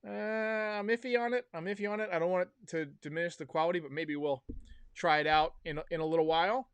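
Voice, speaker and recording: A man's voice: fairly high pitch, fairly even intonation, fairly quick, smooth, no room sound. A man hosting a casual sports livestream, chatty, wry and opinionated as he talks to his viewers. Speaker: podcast host. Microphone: headphones and desk mic.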